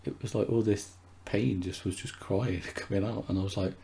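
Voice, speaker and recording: Low gravelly man speaking haltingly. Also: steady tone, dark tone. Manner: hesitant, halting, with many restarts. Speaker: interview guest. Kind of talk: candid conversation.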